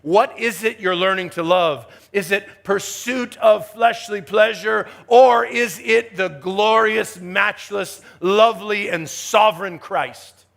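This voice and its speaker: A man delivers a chapel sermon in a high, gravelly voice. He preaches emphatically, dropping to hushed asides and building to rising exhortation. His voice keeps a rough, creaky texture throughout. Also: takes it slowly, hardly any pauses. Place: university chapel.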